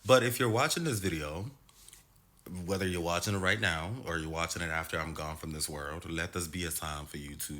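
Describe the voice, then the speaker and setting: A man with a Nigerian American accent, talking casually to camera in an expressive, slangy way, often stretching words for emphasis. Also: low-pitched, fairly quick. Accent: Nigerian American, switching between Nigerian and American. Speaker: vlogger.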